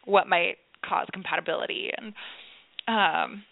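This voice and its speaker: A woman in her thirties talks as a podcast guest, her voice gravelly and full of fillers and quick laughs. The sound is dry and narrow, like a phone line. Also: lowish voice, no echo. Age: 30s. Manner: chatty, many fillers and laughs. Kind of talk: casual podcast chat.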